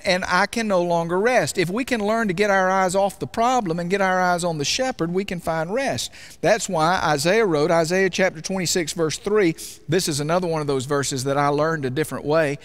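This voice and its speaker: Man, pastor, sermon, slightly high voice, conversational, asks the congregation questions, church sanctuary.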